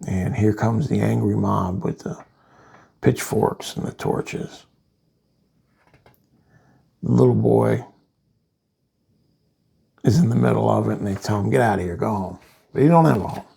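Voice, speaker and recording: A man casually reviewing a comic book, rambling through the plot with asides, in a gravelly voice. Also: fairly low pitch, measured pace, long pauses, dark tone.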